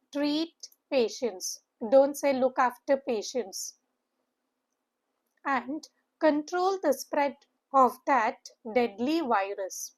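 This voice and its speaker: A woman's voice: sits high, a little mellow. A woman, an English teacher giving an exam-prep lesson, explaining word by word and slipping Hindi phrases into her English.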